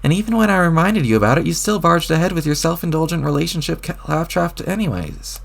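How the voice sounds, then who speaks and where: A man reading a webcomic aloud, voicing an exasperated young woman who scolds her friend in a raised, sharp voice. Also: a little high, quick pace, gravelly, pitched above the performer's own voice. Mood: scolding.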